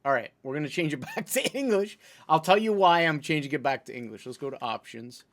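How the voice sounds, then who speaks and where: A man's voice: a little high, lively intonation, brisk, fairly bright tone. Chatty man commenting on his gameplay. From Italy. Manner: chatty, explains things at length while navigating menus. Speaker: streamer.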